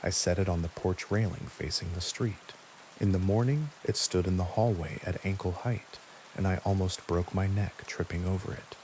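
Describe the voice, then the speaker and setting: A man calmly narrating a first-person horror story in a measured, quiet way. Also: low-pitched, slight background noise, rough recording. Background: steady rain.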